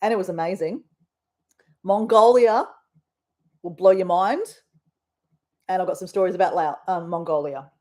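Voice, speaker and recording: With a warm, lowish voice, this Australian livestream host talks at a normal pace but pauses often. She rambles casually with the people watching her stream.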